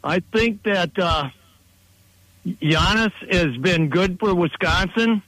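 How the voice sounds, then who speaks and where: High-voiced male radio caller. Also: fairly bright tone, dry recording, low-quality recording. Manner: earnest, halting. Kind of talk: call-in radio.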